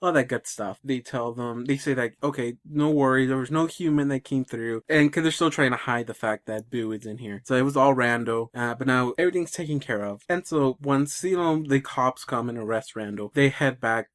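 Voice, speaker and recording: A man's voice: medium pitch, brisk, hardly any pauses, a bit bright. A man co-hosting a casual podcast, retelling a story in a rambling way with many restarts. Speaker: podcast co-host.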